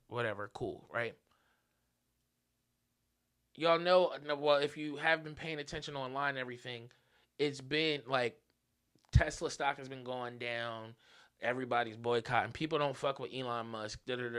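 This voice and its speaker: A young man hosting a podcast, telling a story in an animated, profane, casual rant. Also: mid-range voice, smooth. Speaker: podcast host.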